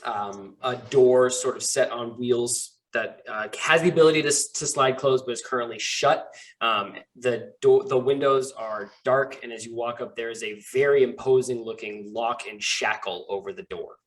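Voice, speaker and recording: A man of middle pitch running a tabletop game as game master. He describes each scene haltingly, leaning on fillers and restarts as he goes. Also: distant mic.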